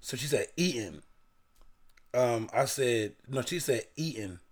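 A man's voice: medium pitch, animated, unhurried. A young man from Baltimore, a podcast co-host, casually telling a profane story and reading old messages aloud.

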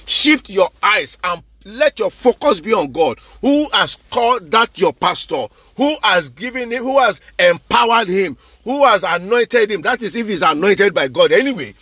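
A male preacher with a high-pitched voice delivers his sermon in a dry, close recording. He is fervent and keeps coming back to the same words. He presses his listeners with direct questions. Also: pushed and bright, no echo. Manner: fervent, repeats phrases for emphasis.

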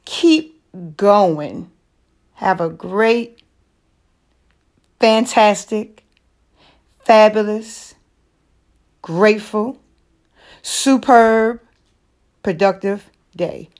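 A woman's voice: medium pitch, extremely slow, pauses often, a little mellow. A woman hosting a motivational monologue, talking emphatically, repeating her phrases and checking in with the listener. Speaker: host.

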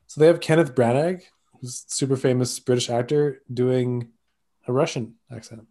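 A man's voice: medium pitch, fairly even intonation, moderate pace, warm tone. A man co-hosting a movie podcast in casual chat, joking and correcting himself as he rambles. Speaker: podcast co-host.

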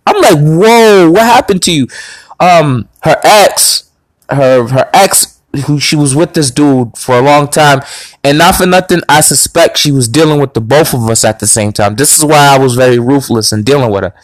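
A man's voice: medium pitch, moderate pace, no room sound, low-quality recording. A man hosting a podcast, telling a personal story in a blunt, crude, boastful way. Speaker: podcast host. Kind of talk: casual storytelling monologue.

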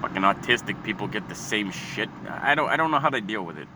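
A man's voice: lowish voice, expressive, fast talker. Man ranting profanely on a street. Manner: heated, profane, rambling with repeats. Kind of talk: profane comedic rant. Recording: street recording with traffic noise. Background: passing cars.

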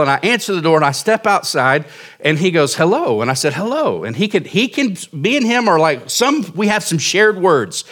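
Man, 40s, pastor, sermon, casual self-deprecating storytelling, higher voice. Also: a bit bright.

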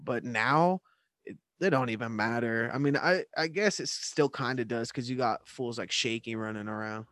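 Young male podcast co-host, loose profane storyteller, dry close sound, mid pitch. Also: normal speed, fairly bright tone, no room sound. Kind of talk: casual storytelling chat.

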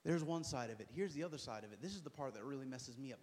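A male pastor preaching a sermon in a large hall, emphatic and swinging from loud to hushed. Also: medium pitch, expressive, rapid-fire, few pauses. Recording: long hall reverb.

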